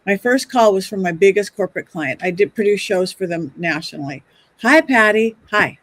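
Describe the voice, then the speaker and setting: A middle-aged woman and psychic medium, telling stories on a podcast in a chatty, animated way, often restarting her sentences. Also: on the low side, a little fast, no room sound. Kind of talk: casual podcast storytelling.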